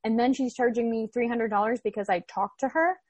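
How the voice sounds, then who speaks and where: A woman's voice: a little high, a little fast, breathy edge, no room sound. A young woman in her twenties, telling a personal story in casual chat with lots of "like" fillers. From Florida, USA. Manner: animated retelling with many "like" fillers. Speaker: podcast guest.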